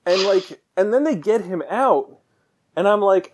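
An animated man from the Baltimore area talks through a film in a casual podcast chat. His voice sits a bit high for a man, and his delivery is sarcastic and quick to swear. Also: a little hiss or hum. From Baltimore area, United States. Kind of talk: casual movie review chat.

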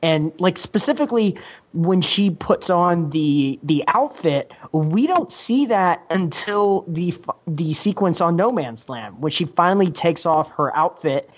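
A man co-hosting a casual movie podcast, starting with repeated restarts and then talking in quick bursts. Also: on the high side, expressive. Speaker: podcast co-host. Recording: slightly dull lo-fi audio.

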